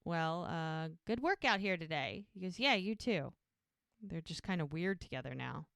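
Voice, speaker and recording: Smooth-voiced woman recapping a show. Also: on the low side, animated, normal speed, a bit bright, dry recording. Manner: retells scenes, quoting characters. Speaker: podcast co-host. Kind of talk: casual episode recap.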